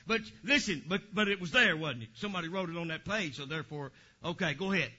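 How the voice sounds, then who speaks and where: A male pastor preaching a sermon in a church, animated and joking with the congregation, breaking into shouts, on a dull lo-fi recording. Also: fairly high pitch, fast talker.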